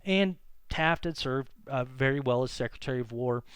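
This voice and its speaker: A man teaches history in a loose, chatty lecture, often pausing on fillers and correcting himself mid-sentence. His voice is smooth and clear, at a middle pitch, and recorded close and dry with no room sound. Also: fairly bright tone, no room sound. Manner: casual and conversational, many fillers and self-corrections.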